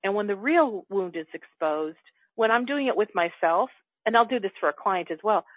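An earnest woman coach explaining her self-help method in a relaxed, conversational way. Her voice comes through a tinny, phone-like line with a dry, close sound and no room echo. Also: medium pitch, normal speed. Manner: earnest, acts out her own inner dialogue. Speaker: coach working with clients.

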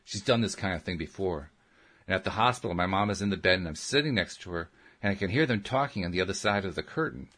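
Low, husky male narrator. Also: animated, fast talker, a bit bright. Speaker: audiobook narrator. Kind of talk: first-person scripted narration.

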